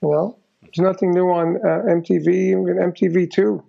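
An older man tells stories in a rambling way, packing his talk with "you know". His voice sits high and is heavily gravelly with a mellow, dark tone. The recording sounds dull and lo-fi. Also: flat delivery, a little fast. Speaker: guest musician. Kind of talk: casual storytelling interview.

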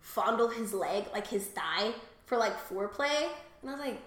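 A woman's voice: a little high, lively intonation, normal speed, fairly bright tone, reverberant. A woman co-hosting a podcast, telling rambling, crude stories with lots of fillers and laughs, and coughing after a cold. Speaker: podcast co-host. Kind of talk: casual chat.

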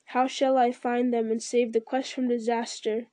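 A woman's voice: a little high, little pitch movement, moderate pace, mellow, no room sound, close to an everyday voice. A woman voicing a grave, burdened male ranger and leader, speaking in a solemn, weary way.

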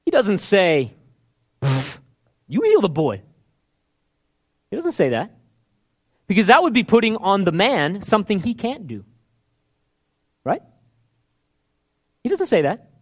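Animated preacher man acting out scripture. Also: high voice, measured pace, long pauses. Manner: animated, acts out quoted pleas in hushed then loud voices. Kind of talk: sermon.

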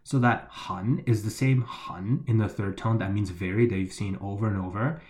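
A man's voice: fairly low pitch, steady tone, moderate pace, darkish tone. A man explaining Mandarin grammar to learners, patiently repeating the key points. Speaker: language teacher.

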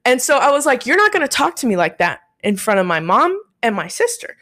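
A young woman whose voice is on the high side talks a little fast, telling a story in casual conversation. She's profane and animated, quoting what people said by acting out their voices.

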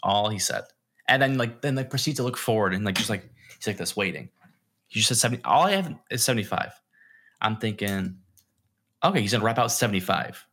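This young podcast co-host has a lowish voice and talks a little fast. In casual chat, he tells a story with animation, dramatizing the quoted lines.

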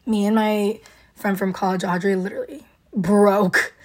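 A woman's voice: mid-range voice, fairly even intonation, normal speed, a little mellow. A young woman hosting a podcast, gushing and rambling in casual fan chat, full of likes and ums. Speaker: podcast host.

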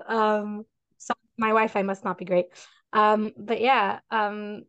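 A woman's voice: medium pitch, level tone, takes it slowly, a bit bright, no room sound, highs cut off. A woman co-hosting a parenting podcast, talking in an earnest, reflective way over a video call. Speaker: parenting coach and podcast co-host.

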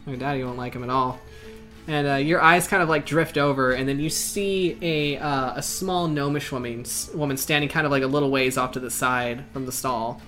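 Game master rambling through the scene, bright voice, lots of likes and uhs. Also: medium pitch, normal speed, hardly any pauses, soft background music. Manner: casual, rambling with many fillers. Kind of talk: narrating a tabletop game.

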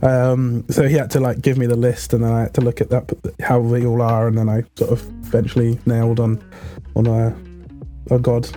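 A man's voice: medium pitch, completely flat delivery, brisk, mellow, faint music behind. A young man chatting as a guest in an interview, rambling with lots of fillers and restarts. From United Kingdom. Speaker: guest player. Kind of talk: casual interview chat.

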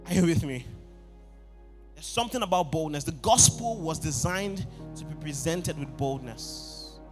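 A young man with a high voice preaches a sermon and keeps calling on the congregation to answer him. He builds up to loud, shouted passages. Faint music plays underneath. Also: expressive, measured pace. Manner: call-and-response, rising to shouts.

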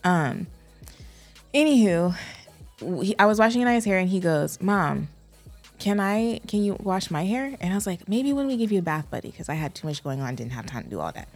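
Mom in her 30s, lowish voice, chatty podcast storytelling, trails off a lot. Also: sing-song, fairly quick, faint music behind. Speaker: podcast co-host, mother. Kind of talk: casual chat.

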